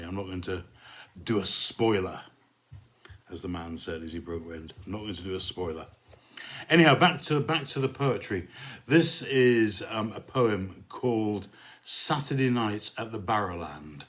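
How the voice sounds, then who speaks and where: A middle-aged pastor chatting casually in a jokey, rambling way, reading a poem and saying a prayer. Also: male voice, low-pitched, normal speed, fairly bright tone. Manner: jokey, rambling, fond of puns.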